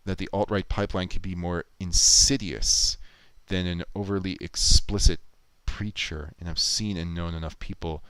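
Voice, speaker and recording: A man's voice: low voice, fairly even intonation, moderate pace, a bit bright, clear, resonant tone, dry recording, rough recording. A man chatting casually on a livestream, thinking aloud and reading viewer comments out. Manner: musing, thinks aloud, reads chat comments out. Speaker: livestreamer editing a video.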